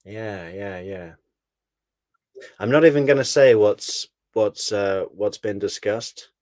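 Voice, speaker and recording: A man's voice: lowish voice, slow pace, a little mellow, dry recording. A man hosting a casual true crime live stream, chatty and laughing as he thanks viewers by name. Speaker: true crime commentary host.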